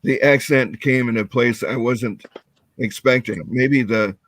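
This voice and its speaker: A man's voice: medium pitch, a little slow, a bit bright, dry recording. Man, student, hesitant, thoughtful, dry close sound. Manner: hesitant, thoughtful, many fillers. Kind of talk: asking questions in class.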